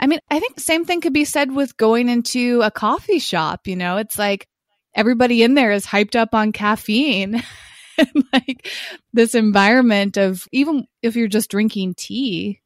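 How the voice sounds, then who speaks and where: A woman's voice: medium pitch, no room sound. Woman, podcast co-host, casual chat, frequent laughs, dry recording. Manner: chatty, laughs often.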